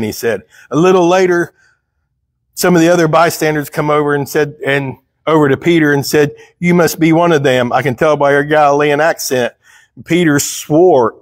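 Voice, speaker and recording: Male pastor, conversational Bible teacher, slightly high voice. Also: normal speed, no room sound, clean studio sound. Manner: conversational, reads scripture aloud and asks the congregation questions. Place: church.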